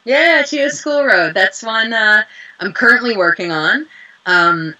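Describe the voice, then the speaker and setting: A young woman, a voice actress, chatting in an interview and telling lively stories with acted-out quotes. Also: medium pitch, slow pace, muffled recording. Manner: animated storyteller, acts out quotes. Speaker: voice actress guest. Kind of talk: casual interview chat.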